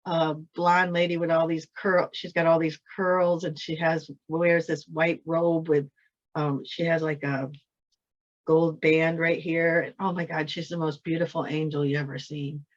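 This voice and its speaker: A woman hosting a spiritual talk. She tells a personal story in a chatty, excitable way, laughs often, and repeats herself. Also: deep voice, a little slow. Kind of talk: casual storytelling chat. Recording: dull lo-fi audio.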